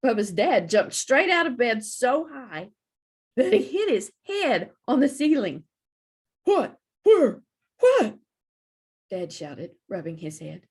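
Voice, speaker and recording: Slow, expressive storytime librarian woman. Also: on the high side, slightly rough. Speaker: children's librarian. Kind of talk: children's storytime read-aloud.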